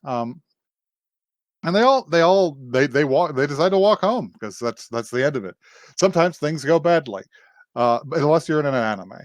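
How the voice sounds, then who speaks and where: Male podcast co-host, very expressive pitch, dry close-mic sound, rambling animated retelling. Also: normal speed, no room sound. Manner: rambling, animated storytelling that acts out characters' lines. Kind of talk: casual chat recapping an anime episode.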